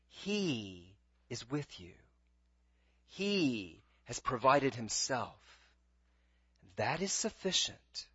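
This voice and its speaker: A man preaching a sermon in a slightly high voice, earnest and pleading. He often trips over his words and restarts a phrase, repeating it as he presses on. The sound is dry and a bit muffled, like a lo-fi recording. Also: slightly rough, no room sound. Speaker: pastor.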